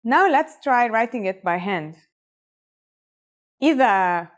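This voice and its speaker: A woman's voice: on the high side, expressive, unhurried. A woman narrating a scripted language lesson in an upbeat, encouraging way. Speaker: language teacher.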